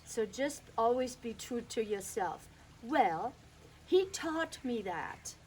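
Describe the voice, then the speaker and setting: A woman's voice: fairly high pitch, sing-song, takes it slowly, darkish tone, slight background noise, poor audio. A woman from northern Germany, telling a reflective personal story and recounting remembered dialogue.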